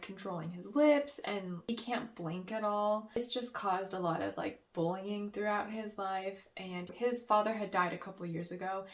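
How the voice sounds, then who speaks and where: A young woman chatting about her favorite books in a casual vlog, gushing and peppering her talk with "like" and "um". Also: medium pitch. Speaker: book vlogger. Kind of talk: casual book review chat.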